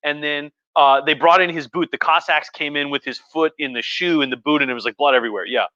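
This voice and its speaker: A man's voice: on the high side, quick pace, sharp tone, no echo, muffled recording. A tipsy man, a history professor, rambling casually and profanely about history on a livestream. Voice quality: profane, rambling, lots of fillers. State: tipsy from wine.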